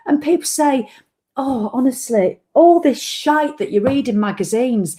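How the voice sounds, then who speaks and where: A woman's voice: high voice, lively intonation, unhurried, mellow. A tired woman, ranting bluntly and swearing freely as she hosts a casual live-stream chat. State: tired after a run. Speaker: vlog host.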